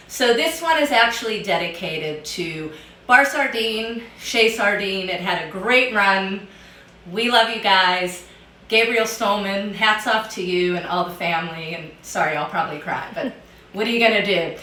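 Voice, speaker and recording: A woman's voice: a little high, expressive, a little slow, bright, forceful tone, echoey room. A woman hosting a casual home cocktail how-to, chatty and upbeat as she talks straight to viewers from her home bar. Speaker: home bartender host.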